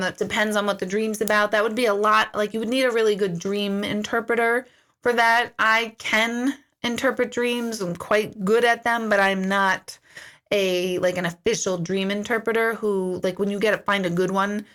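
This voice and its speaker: Answering viewers' questions on a relaxed live stream, this middle-aged intuitive medium speaks in a mid-range voice at an ordinary pace. Her manner is talkative and story-driven, and she dramatizes her own comments through animated asides.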